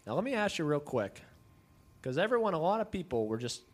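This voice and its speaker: Rambling young podcast host. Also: male voice, on the high side, sing-song, brisk. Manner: rambling, hedging, slangy. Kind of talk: casual chat.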